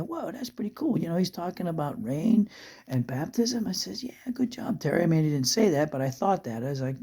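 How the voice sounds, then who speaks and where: A man spins a story aloud in a casual, wandering way, doubling back on his words. His voice is warm and relaxed. He chuckles at the funny parts. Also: a little high. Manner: conversational, rambling with restarts and asides; chuckles through funny moments. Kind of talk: spoken storytelling.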